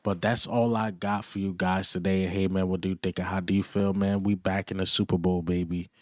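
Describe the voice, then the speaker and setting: A man giving a casual, excited fan reaction rant, boastful and full of repeated punchlines and trash talk. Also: low-pitched, brisk, no room sound, studio quality. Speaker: sports fan vlogger.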